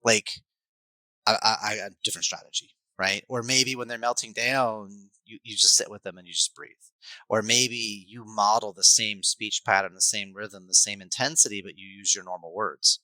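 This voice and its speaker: Bright, crisp low-voiced male coach. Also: moderate pace, no room sound, low-quality recording. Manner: animated, explanatory coaching talk. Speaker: life coach and hypnotherapist, guest. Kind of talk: podcast conversation.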